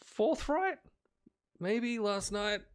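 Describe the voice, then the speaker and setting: A man's voice: high voice, expressive, very slow, smooth, pitched above the performer's own voice, full character voice. A man voicing an eager, effusive woman caretaker in a tabletop game. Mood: gushing.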